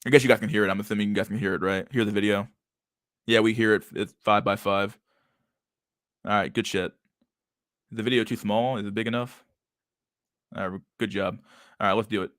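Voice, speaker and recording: A man's voice: fairly low pitch, fairly even intonation, a little fast, long pauses, a bit bright, no echo, clean studio sound. A young man hosting a casual livestream, talking over videos in a rambling, profane way and repeating his words. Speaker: streamer host.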